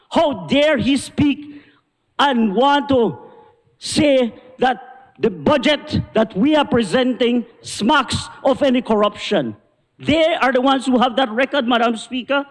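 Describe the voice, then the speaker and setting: Belizean male minister, very high pitch, fiery indignant floor speech, reverberant chamber. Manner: forceful, indignant oratory, repeating "Madam Speaker". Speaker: government minister. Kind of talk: parliamentary speech. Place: parliament chamber.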